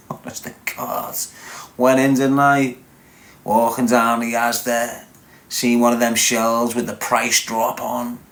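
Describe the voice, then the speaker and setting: On a live stream, a brash, loud-mouthed Liverpool man in his forties swears freely and mocks his viewers with crude humor. His Scouse voice sits at an ordinary middle pitch for a man, delivered slowly and completely flat.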